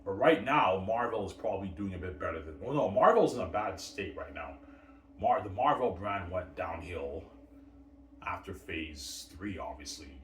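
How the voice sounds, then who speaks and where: Low-voiced man, bragging on repeat, distant mic, echoey space. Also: lively intonation, normal speed, slight background noise. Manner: boastful and repetitive, keeps calling to viewers. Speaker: livestream host. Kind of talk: casual solo livestream chat.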